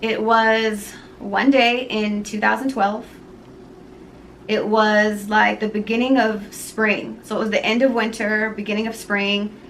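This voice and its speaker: A woman earnestly telling a personal faith story to the camera, halting and pausing often. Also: medium pitch, flat delivery, fairly bright tone, a little hiss or hum, poor audio. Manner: earnest, halting, with many pauses. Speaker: jewelry maker sharing a personal story.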